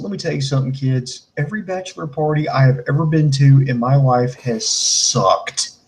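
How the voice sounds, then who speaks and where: Ranting, sarcastic man, higher voice. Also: fairly quick, a little mellow, rough recording. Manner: ranting, sarcastic, mimics people in quotes. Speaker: podcast co-host. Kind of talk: casual profane chat.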